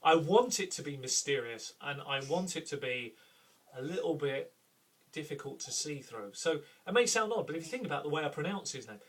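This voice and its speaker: Middle-aged man from the UK, chatty host, slightly raised pitch, husky. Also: animated, normal speed, fairly bright tone, far from the mic. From United Kingdom. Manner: chatty, self-deprecating, thinking aloud. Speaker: host, game master. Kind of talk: tips talk for tabletop game masters.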